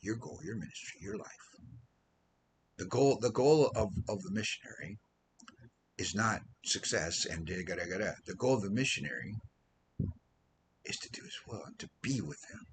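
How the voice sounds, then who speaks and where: A man's voice: fairly low pitch, animated, moderate pace, pauses often, a little hiss or hum, low-quality recording. A man preaching an informal sermon as a missionary, rambling and losing his train of thought now and then. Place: Philippines.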